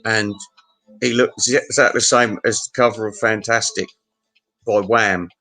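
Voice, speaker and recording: A man's voice: on the low side, steady tone, moderate pace, pushed and bright, low-quality recording. A man telling a crude, meandering pub anecdote and chuckling at his own tale. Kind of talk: rambling pub anecdote monologue.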